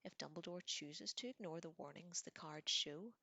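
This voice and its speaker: A woman's voice: on the low side, normal speed, creaky, pushed and bright, no room sound, full character voice. A woman voicing an eccentric middle-aged witch seer who speaks in a lofty, mystical and defensive way. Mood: haughty.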